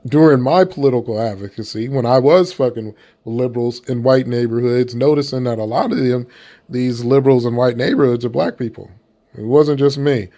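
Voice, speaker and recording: Male commentator, mid-pitched voice, blunt and profane, rambles loosely, casual opinion talk. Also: dark tone. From United States.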